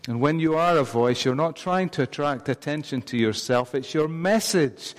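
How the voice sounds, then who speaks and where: A man's voice: a little high, normal speed. A man preaching a sermon in a church, talking conversationally and putting questions to the congregation. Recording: long reverb of a large hall.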